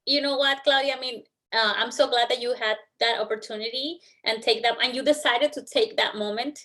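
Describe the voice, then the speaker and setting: A woman hosts a casual live stream, her voice a little high. She talks in a friendly, chatty way, quick with thanks. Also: steady tone, a bit bright. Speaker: host.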